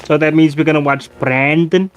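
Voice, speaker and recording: A man's voice: fairly high pitch, fairly even intonation, moderate pace, soft background music. A man chatting bluntly and profanely as a friend on a gaming stream. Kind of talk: casual gaming stream chat.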